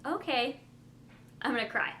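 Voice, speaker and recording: A woman's voice: sits high, moderate pace, pushed and bright, a little hiss or hum. A young woman vlogging at home at night, talking casually to the camera with lots of fillers.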